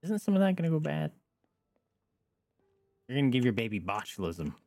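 A man streaming a game, joking and reacting with animated asides as he plays. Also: mid-range voice, fairly quick, creaky, no echo. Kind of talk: live gameplay commentary.

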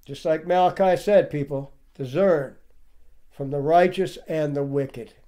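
A man's voice: on the high side, measured pace, mellow. A man giving indignant, preachy commentary over clips and firing off rhetorical questions. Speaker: online commentator.

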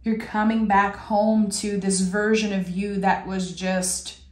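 A woman's voice: mid-range voice, little pitch movement, takes it slowly. Emotional woman tarot reader, echoey room. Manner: effusive, talks straight to the viewer. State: emotional, close to tears. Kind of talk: tarot reading to camera.

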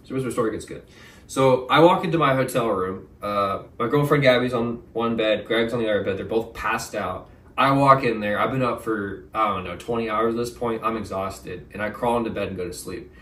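A young man, a podcast guest, telling a story in a casual, animated way, full of slang. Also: lowish voice, a little fast. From Texas. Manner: animated, slangy, says "bro" and "like" a lot. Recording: roomy, mic at a distance.

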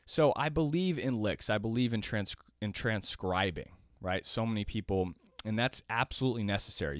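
A man's voice: medium pitch, no echo, studio quality. A man teaching a jazz piano lesson in a casual, talkative way, often checking in with "right?".

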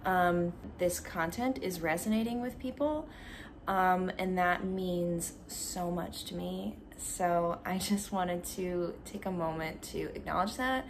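Woman, low voice, very slow unhurried talk, faint room hum, crafting vlog, lots of ums. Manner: slow, soft-spoken, with many ums and pauses. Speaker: art vlogger. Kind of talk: casual reflective talk while crafting. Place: sitting on the floor indoors.

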